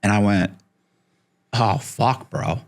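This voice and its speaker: A man's voice: lowish voice, slow pace. A middle-aged man telling a story as a podcast guest, acting out the people he quotes and swearing casually.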